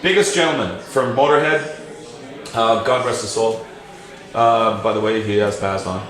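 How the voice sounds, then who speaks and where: Animated swearing male pub storyteller. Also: fairly low pitch, moderate pace. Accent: Canadian. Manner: animated, swearing, lots of fillers and restarts. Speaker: talk show host. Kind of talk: casual storytelling. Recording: very echoey pub room.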